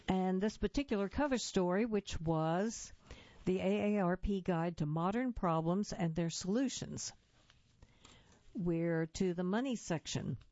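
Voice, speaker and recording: A woman reading magazine articles aloud in a steady, measured delivery, in a slightly muffled recording. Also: mid-range voice, no echo. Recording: dull, muffled dry recording.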